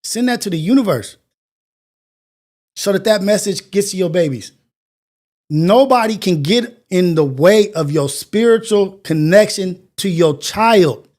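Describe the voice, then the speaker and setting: High-voiced man preaching on a morning show. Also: lively intonation, measured pace, darkish tone. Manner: earnest, preachy, repetitive phrasing. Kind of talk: motivational monologue.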